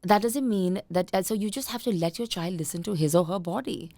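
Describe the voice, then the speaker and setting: A woman parenting coach being interviewed on a podcast, talking in a calm coaching tone and sometimes acting out what parents say. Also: medium pitch, a little fast, no room sound. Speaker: conscious parenting coach, guest.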